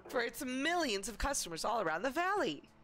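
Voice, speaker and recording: A woman reading game dialogue aloud as a smooth-talking male shark salesman with a salesy, over-the-top pitch. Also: sing-song, fairly quick, a bit bright, a little hiss or hum.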